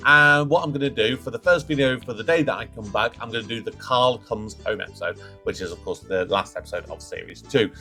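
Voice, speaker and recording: Fairly quick and with few pauses, a mid-range male voice runs through casual commentary while soft music plays behind him. He's a British man hosting a reaction video, chatty, restarting sentences, and erupting into loud mock whoops.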